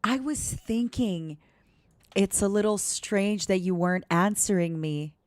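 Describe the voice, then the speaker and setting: A young woman streaming, chatting gently and slowly in a soft, cozy way. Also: medium pitch, no echo, studio quality. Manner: gentle, talks slowly and softly.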